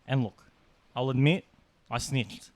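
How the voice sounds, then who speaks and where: A young man co-hosting a casual podcast, telling animated stories and laughing often. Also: mid-range voice, measured pace, no echo. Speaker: podcast co-host. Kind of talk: casual storytelling chat.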